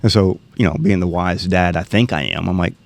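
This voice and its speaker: A middle-aged man tells a story in a casual, animated way, voicing the people in it. His voice sits very low, with a rough gravelly edge. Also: brisk. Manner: animated storyteller, acts out quoted dialogue. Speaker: guest telling a hunting story.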